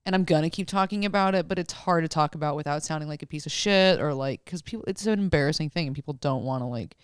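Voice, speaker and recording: A woman's voice: low voice, quick pace, smooth, no echo, studio quality. A woman stand-up comedian as a podcast guest, telling stories candidly in casual chat with plenty of swearing. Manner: candid, profane storytelling.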